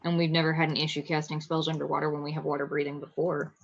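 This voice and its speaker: A woman playing a tabletop game, excitable and swearing freely. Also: low-pitched, fast talker, creaky. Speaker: player. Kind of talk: casual tabletop play. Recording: dull lo-fi mic.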